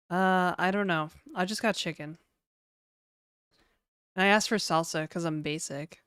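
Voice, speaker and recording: Rambling woman streamer reading chat; smooth voice, dry close mic. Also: lowish voice, moderate pace, pauses often, a bit bright, no echo. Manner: rambling, chatty, reads chat aloud. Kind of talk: casual live-stream chat.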